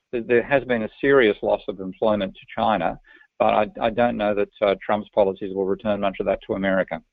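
A man's voice: fairly low pitch, no room sound. An Australian man answering interview questions, frank and opinionated, often restarting his sentences. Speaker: guest. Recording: dry, tinny phone-line sound.

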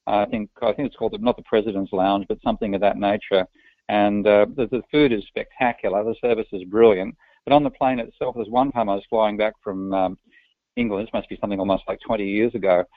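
A man's voice: on the low side, fairly even intonation, fast, no echo. An Australian man answering interview questions, frank and opinionated, often restarting his sentences. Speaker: guest. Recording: dry, tinny phone-line sound.

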